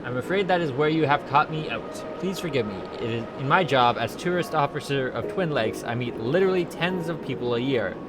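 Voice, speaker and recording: A man's voice: mid-range voice, animated, brisk, hardly any pauses, noisy background, natural voice. A man voicing a chipper, scatterbrained woman tourist officer who rambles in an overly formal way. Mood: flustered. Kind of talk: reading game dialogue aloud.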